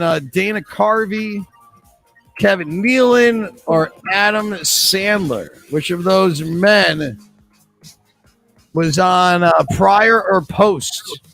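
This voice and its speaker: A man's voice: high-pitched, creaky, a bit bright. A man hosting a live trivia game, reading questions and answer choices in a chatty, joking way. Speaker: trivia host.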